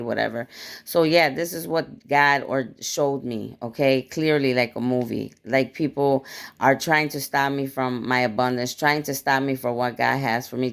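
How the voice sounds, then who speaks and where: A woman casually recounting a dream to viewers with blunt, profane, animated storytelling; her mouth is dry. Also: extremely low pitch, gravelly. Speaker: spiritual vlogger.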